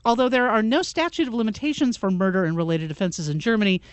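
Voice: mid-range voice, fast, clear, resonant tone, no echo. A talk radio co-host reads news stories in a plain, matter-of-fact way, dropping dry asides between quotes. The voice sits close and dry to the mic.

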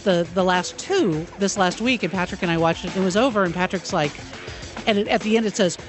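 A woman co-hosting a radio talk show, telling stories casually and chatting with lively asides. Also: fairly low pitch, brisk, soft background music. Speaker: radio co-host.

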